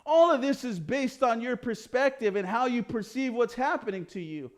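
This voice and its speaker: A man with a strikingly high voice leads a personal development lesson. He talks in a loose, conversational way, dropping slang now and then. He acts out little quotes as he explains. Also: moderate pace. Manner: animated storytelling with acted quotes and casual slang. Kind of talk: motivational lecture.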